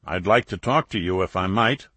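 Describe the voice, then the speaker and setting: A man's voice: sits low, expressive, normal speed, sharp tone, husky, no room sound, full character voice. A man reading an audiobook, voicing an older TV commentator who speaks politely and earnestly, trying to appease. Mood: appeasing.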